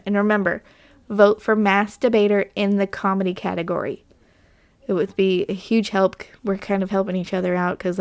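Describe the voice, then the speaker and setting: Gal podcasting solo, kinda scratchy from allergies, rambly and chatty, lots of ums. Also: female voice, mid-range voice. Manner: rambling, chatty, with many fillers. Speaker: podcast host. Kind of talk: casual solo podcast chat.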